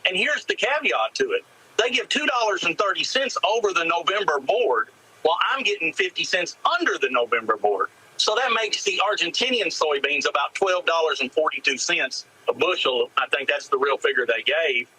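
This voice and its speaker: Bright, husky-voiced frustrated farmer. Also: male voice, a little high, very animated, moderate pace, poor audio. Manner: frustrated, detailed explanation of figures.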